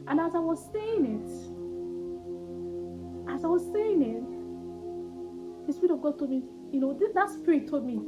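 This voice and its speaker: Woman, faith vlogger, earnest testimony delivery, light high voice over background music. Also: lo-fi sound. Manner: earnest, conversational, swings between hushed and animated. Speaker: Christian vlogger.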